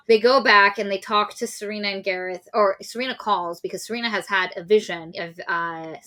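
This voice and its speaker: Woman, podcast co-host. Bright, forceful tone; casual, profane, animated storytelling. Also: mid-range voice. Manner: profane, animated plot recap with voiced quotes. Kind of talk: casual book review chat.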